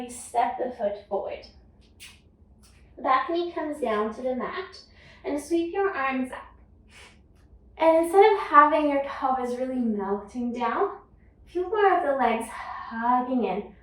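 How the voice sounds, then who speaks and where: A woman teaching a guided yoga class, calmly cueing each breath and movement. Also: high voice, recorded from a distance. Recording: echoey room, voice off-mic.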